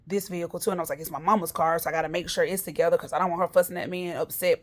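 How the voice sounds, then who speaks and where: A woman's voice: fairly low pitch, steady tone, rapid-fire, few pauses. A woman hosting a podcast, telling her week's story in a candid, chatty way and talking straight to her listeners. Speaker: podcast host. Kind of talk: casual storytelling monologue.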